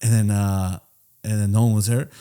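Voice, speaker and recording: A man's voice: on the low side, little pitch movement, normal speed, warm tone, smooth. A young man co-hosting a podcast, rambling through a party story with swearing and lots of "right?". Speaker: podcast co-host. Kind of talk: casual storytelling chat.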